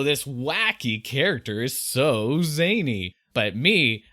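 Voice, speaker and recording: A podcast co-host chats casually at a mid pitch. They sound exasperated at times and laugh a lot. The talk is loose and conversational. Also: pushed and bright. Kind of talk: casual chat.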